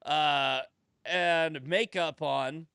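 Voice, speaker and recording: A man hosting a casual political chat podcast, profane and animated, slipping into voices when he tells jokes. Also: a little high, very slow, gravelly, smooth, dry recording, studio quality. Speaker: podcast host.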